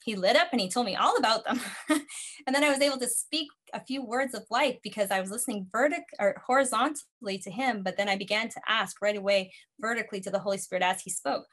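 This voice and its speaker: A woman's voice: on the high side, fairly quick, fairly bright tone. A woman ministry facilitator giving an earnest teaching talk, telling personal stories and quoting her own prayers.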